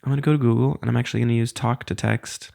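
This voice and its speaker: A man's voice: mid-range voice, fairly even intonation, rapid-fire, creaky, mellow. A man around thirty hosting a casual solo podcast, rambling and self-deprecating in a loose, conversational way. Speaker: podcast host.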